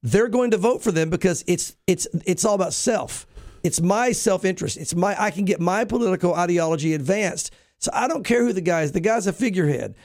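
Brief: man, pastor and host, high pitched voice, dry close sound, preachy emphatic commentary. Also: animated, brisk, darkish tone, dry recording. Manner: emphatic, preachy, with frequent restarts. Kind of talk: news reading and opinion commentary.

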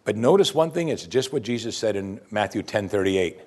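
A man preaching a sermon, his pitch swinging widely as he presses his listeners with rhetorical questions. His delivery is animated and expository, the manner of a pastor walking a congregation through a passage. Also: fairly quick.

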